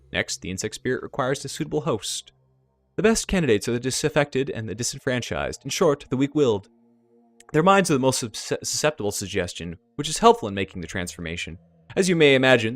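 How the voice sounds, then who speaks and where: A man voicing a theatrical, excitable male elf who explains insect spirits with relish. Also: mid-range voice, no room sound, close to an everyday voice.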